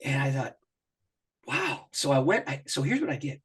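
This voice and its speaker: A middle-aged man with a slightly husky voice tells personal stories as a guest in an interview. His pitch swings widely as he acts out his own thoughts, and he laughs often as he talks. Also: animated, moderate pace. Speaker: pastor and author, interview guest. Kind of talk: animated personal storytelling in an interview.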